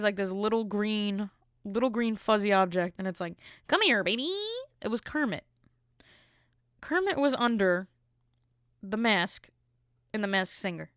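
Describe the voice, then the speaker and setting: Woman podcast host, mid-pitched, casual comic ranting, exasperated and rambling, dry sound. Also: moderate pace, long pauses, smooth, dry recording. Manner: rambling, exasperated comic rant with many fillers. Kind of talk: casual comedic chat.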